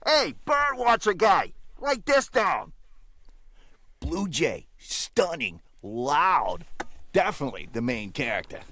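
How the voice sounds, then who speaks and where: A man voicing a loud, boastful male blue jay with a New England accent. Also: a little high, sing-song, slow pace, no room sound, pitched above the performer's own voice, exaggerated voice. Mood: cocky.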